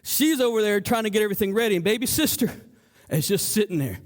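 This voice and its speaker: A high-pitched, fast-talking male pastor delivers an animated sermon in a church sanctuary. He impersonates the people in his story and keeps stammering and restarting his sentences.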